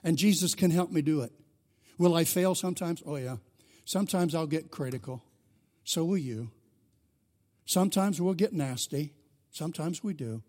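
High-voiced male pastor preaching earnestly. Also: normal speed, pauses often, a little mellow. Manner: earnest preaching that swells into fervent emphasis. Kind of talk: sermon.

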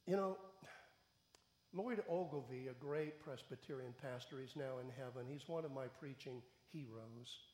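A man's voice: mid-range voice, normal speed, a little mellow, roomy sound, in a large hall. A male pastor giving a sermon in a church, speaking earnestly and building to raised, emphatic questions. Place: church sanctuary.

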